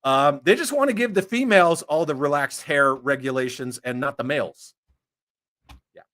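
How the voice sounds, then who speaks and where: A man's voice: fairly high pitch, normal speed. A man hosting a casual chat, reading viewer comments and ranting with lots of swearing. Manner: profane, animated ranting. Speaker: host.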